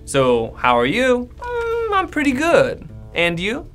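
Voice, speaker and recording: Animated American man teaching English. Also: very high voice, slow, faint music behind. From United States. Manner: friendly, animated, acts out sample replies. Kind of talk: casual English lesson to camera.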